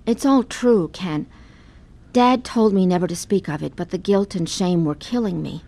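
A weary, pain-worn wife. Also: female voice, fairly low pitch, normal speed, vocal fry, warm tone. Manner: earnest, emotional. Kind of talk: radio drama acting.

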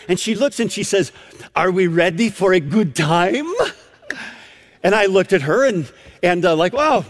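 Animated preacher man in a reverberant hall. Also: sits high. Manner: animated storytelling, acts out voices. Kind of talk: sermon.

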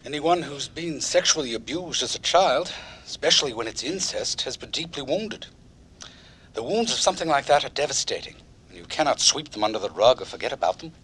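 A calm, earnest psychologist. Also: male voice, mid-range voice, slight background noise. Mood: grave. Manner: measured, serious. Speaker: radio psychologist.

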